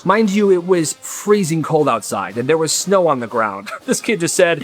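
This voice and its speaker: A man telling funny stories in a casual, animated way, slipping into quick voices for the people in them. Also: a little high, soft background music. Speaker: storyteller. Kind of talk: casual comedic storytelling.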